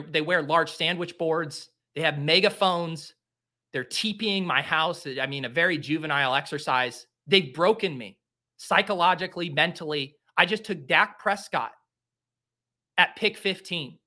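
A man's voice: on the high side, pushed and bright. A man in his late twenties, a podcast host from the Boston area, giving casual live commentary, rambling, joking and breaking into theatrical, self-pitying rants.

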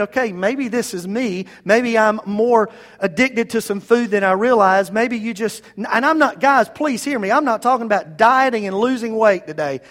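A man's voice: high-pitched, fairly bright tone. A man preaching a sermon as pastor, talking to the congregation in a conversational, emphatic way and appealing to them directly.

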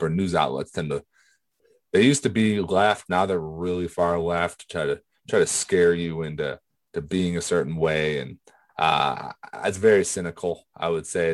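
A podcast co-host with an extremely low male voice chats casually and rambles, restarting his sentences often. There's no room sound in the recording.

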